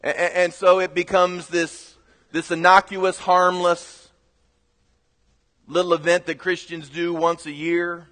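A pastor preaches a sermon in a high, bright-edged male voice. He tells his story earnestly and rises to loud exhortation. A long hall reverb trails his words. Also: little pitch movement, measured pace.

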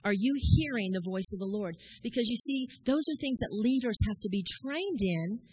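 A middle-aged woman preaching a sermon in a lively, conversational way, often asking the congregation questions. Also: fairly high pitch, moderate pace, husky, rough recording. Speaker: church leader addressing congregation.

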